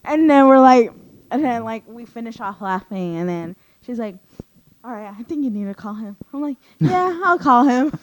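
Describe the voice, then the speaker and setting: A young woman, a podcast guest, chatting casually and quickly with a ready laugh. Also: on the high side, lively intonation, darkish tone, a little hiss or hum. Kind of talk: casual chat.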